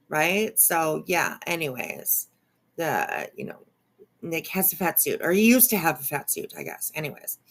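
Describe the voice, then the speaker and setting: A woman hosts a casual live stream in an unhurried, drawn-out way. She laughs often and swears freely as she reacts and chats with her viewers. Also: fairly low pitch, pushed and bright. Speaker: streamer host.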